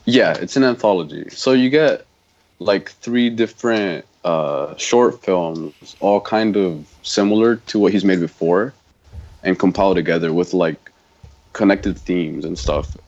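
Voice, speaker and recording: Man, very low voice, rambling casual film chat, lots of fillers, dull lo-fi audio. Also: unhurried, darkish tone. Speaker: podcast co-host.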